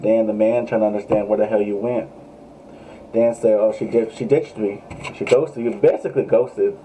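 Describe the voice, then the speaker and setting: A man's voice: lowish voice, fairly even intonation, normal speed, warm tone, a little hiss or hum, low-quality recording. A man giving a casual, joking live tarot reading, swearing freely and talking straight to his viewers. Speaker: tarot reader.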